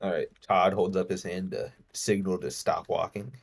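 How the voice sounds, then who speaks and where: A man's voice: low-pitched, fairly even intonation, moderate pace. A man playing a tabletop game with friends, asking puzzled questions about what his character can see. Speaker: player. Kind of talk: casual tabletop game play.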